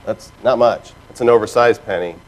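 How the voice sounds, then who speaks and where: A man giving a lively seminar talk to a live audience, telling stories with sound effects and mimicked voices. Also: lowish voice, fairly quick, poor audio. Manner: animated storytelling with character voices and sound effects. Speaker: keynote speaker. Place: stage before a live audience.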